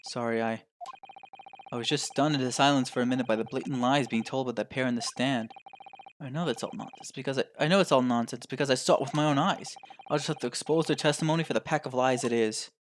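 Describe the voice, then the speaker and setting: A man's voice: mid-range voice, fast, a little hiss or hum, natural voice. A man doing an earnest young lawyer.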